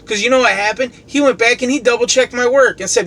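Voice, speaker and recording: A man's voice: very high voice, fast talker. A man who cleans commercial kitchens, venting in a heated, profane, sarcastic rant. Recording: steady traffic and car noise behind.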